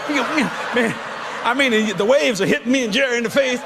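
High-voiced laughing evangelist man. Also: fast, vocal fry, crowd noise. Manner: animated, laughing, folksy, bursts into shouts. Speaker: traveling evangelist. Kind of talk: comic storytelling. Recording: noisy background.

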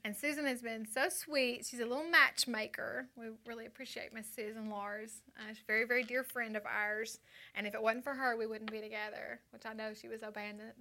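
A woman's voice: fairly high pitch, bright, forceful tone, slight background noise. A woman telling her personal testimony to a live audience indoors, chatty and full of fillers, acting out the voices of the people in her story. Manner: chatty, acts out quoted voices, frequent fillers. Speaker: speaker giving her testimony.

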